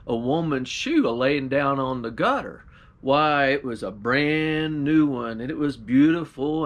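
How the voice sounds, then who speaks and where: Man, pastor, gravelly voice, folksy drawl, homespun storytelling. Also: medium pitch, fairly bright tone. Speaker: pastor telling a folktale.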